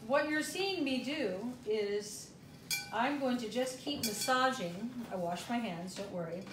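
Brief: chatty woman host, slightly high, cooking demo, echoey kitchen, dish clatter. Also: lively intonation, unhurried, noisy background. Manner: chatty, rambling, with fillers. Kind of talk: casual cooking demonstration. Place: home kitchen.

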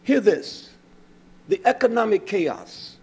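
A man preaching an impassioned sermon, swinging between low muttering and loud outbursts. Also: very animated, takes it slowly, husky. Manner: acts out bickering voices in his stories. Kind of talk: fiery sermon.

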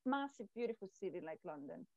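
A woman's voice: medium pitch, sing-song, quick pace, warm tone, no room sound, lo-fi sound. Italian-accented woman, podcast guest, non-native english, dry close sound, opinionated, hunts for words. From Italy. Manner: searches for words, opinionated, restarts often. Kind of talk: casual chat.

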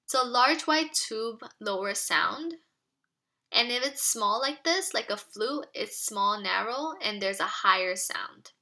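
Woman teacher, children's read-aloud, expressive and questioning, slightly high bright voice. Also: takes it slowly.

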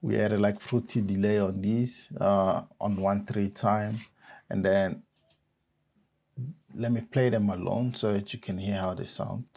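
A man from South Africa, a music producer, giving a relaxed step-by-step software tutorial on making a track. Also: on the low side, creaky, breathy edge.

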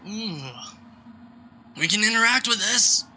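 A man giving live commentary while playing a horror game, jumpy and quick to exclaim and swear at every scare. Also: high voice, sharp tone, a little hiss or hum. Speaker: let's play host.

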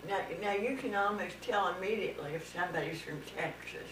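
A woman with a Pittsburgh accent chatting casually with family, often pausing to search for words. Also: mid-range voice. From Pittsburgh, USA. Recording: echoey room, distant mic, hiss.

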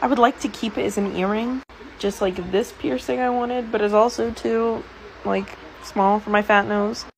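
A woman's voice: mid-range voice, fairly even intonation, normal speed, creaky, slight background noise. A young woman in a casual self-filmed vlog, rambling in a fed-up, self-mocking way into her phone.

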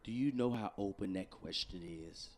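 A young adult man co-hosting a casual podcast, telling a story and acting out the quotes, swinging from low mutters to loud outbursts. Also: moderate pace. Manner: animated, acts out quotes with big swings from low mutters to shouts. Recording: noisy podcast recording.

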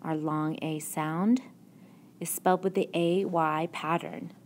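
Slow, patient woman teacher. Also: low-pitched, steady tone, a little hiss or hum. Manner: slow, patient, encouraging classroom delivery. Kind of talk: recorded phonics lesson. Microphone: tablet microphone.

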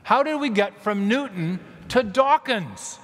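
A man giving a conference lecture in a large church hall, telling history as a story with asides and quick self-corrections. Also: high voice, animated, a bit bright. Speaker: conference speaker. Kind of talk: public lecture. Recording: long reverb of a large hall.

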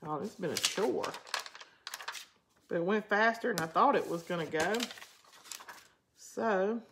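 A woman with a Southern US drawl hosts a craft channel, rambling and chatting casually during a live crafting session as she answers viewer comments. Her mid-range voice is unhurried, with background noise in the recording.

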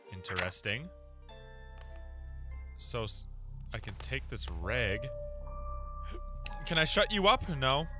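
A young man giving animated, jumpy commentary while playing a horror game, often exclaiming and laughing. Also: mid-range voice. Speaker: let's play gamer. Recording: music loud behind voice. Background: game music.

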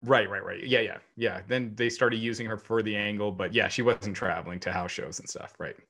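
A man's voice: on the low side, brisk, creaky, fairly bright tone. A man co-hosting a podcast in casual chat, talking with emphatic enthusiasm and laughing often. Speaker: podcast co-host.

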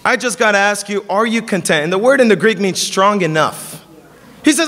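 A young man preaching a sermon, telling stories and acting out the dialogue with lively energy. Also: sits high, fairly quick. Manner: animated storytelling, acting out dialogue. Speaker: pastor. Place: church service in a hall. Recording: long reverb of a hall.

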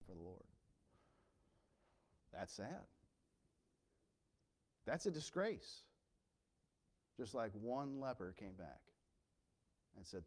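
A male pastor preaching a sermon with impassioned swings from quiet storytelling to loud emphasis. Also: on the low side, sing-song, slow pace, pauses often.

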